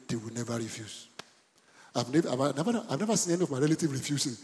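A middle-aged man, preaching a sermon in animated bursts and asking the congregation questions. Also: quick pace. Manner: animated preaching with sudden high bursts and call-and-response questions. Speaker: pastor. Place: church hall. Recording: church hall with long reverb.

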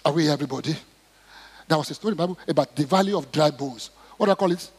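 A middle-aged man preaching a sermon, acting out prayers and Bible stories and rising to shouts. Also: on the high side, racing, breathy edge. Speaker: pastor. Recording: long hall reverb.

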